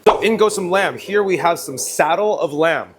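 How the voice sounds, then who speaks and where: A man's voice: sits high, normal speed, noisy background. A young man from China hosting a casual cooking demonstration, blunt, joking and often profane as he explains each step. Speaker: chef and cooking video host. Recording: music playing underneath.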